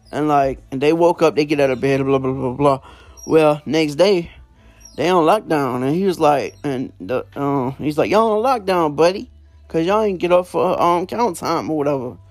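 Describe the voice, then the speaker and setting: A man's voice: a little high, darkish tone, dry recording. A man casually retelling prison stories, rambling with lots of fillers and slang. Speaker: storyteller.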